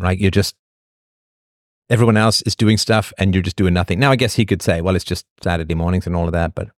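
A man's voice: low voice, darkish tone, dry recording, studio quality. A man hosting a casual livestream, talking in a rambling, sardonic way with frequent restarts. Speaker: livestream host.

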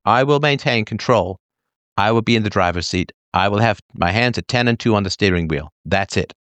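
A man's voice: on the low side, a little fast, a bit bright, no echo. A middle-aged man hosting a podcast, speaking bluntly and emphatically, sometimes mimicking whiny people. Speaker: podcast host. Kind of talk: monologue to listeners.

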